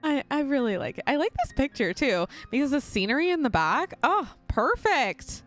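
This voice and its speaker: A woman's voice: high voice, big pitch swings, normal speed, soft background music. A young woman casually commentating her life-sim gameplay, gushing and giggling often. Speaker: gaming channel host. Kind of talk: casual let's play commentary.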